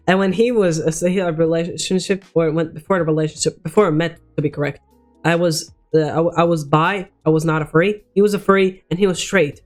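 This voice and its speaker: A teenage boy telling a personal story as a vlogger, rambling and swearing, with many restarts. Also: fairly high pitch. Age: teens.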